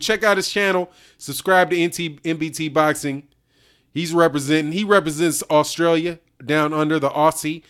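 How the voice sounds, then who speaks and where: Reading super chats on his boxing channel's livestream, the host chats casually in slang, laughs a lot, and calls viewers "dog" and "man." His voice is a little high, fairly bright, clear and resonant.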